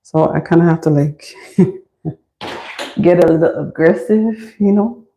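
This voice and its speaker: A woman with a low, gravelly, mellow voice hosts a relaxed livestream. She chats with viewers and answers their comments as she works. She records on her phone in a small, warm washroom. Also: slow pace, low-quality recording. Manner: chatty, answers chat comments while working. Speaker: livestream host styling a wig. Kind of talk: casual chat with live viewers. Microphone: phone camera.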